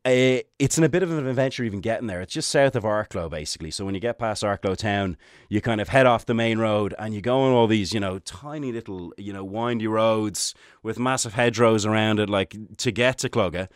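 A man's voice: lowish voice, fairly quick, dry recording, clean studio sound. A man with a Dublin Irish accent, a travel journalist chatting as a guest in an enthusiastic, rambling way with frequent restarts. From Ireland, Dublin. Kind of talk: casual radio interview chat.

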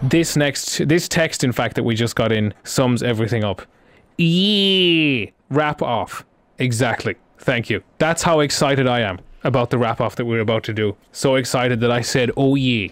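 A man's voice: medium pitch, brisk, few pauses, no echo. A man hosting a radio show, chatting casually and teasing his co-host. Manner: playful, teasing.

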